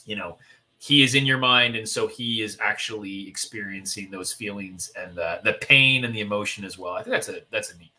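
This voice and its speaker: Bright-voiced man chatting about comics. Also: on the low side, brisk. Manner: chatty, playful asides, mock-outraged character bits. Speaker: comic podcast co-host. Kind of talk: casual chat.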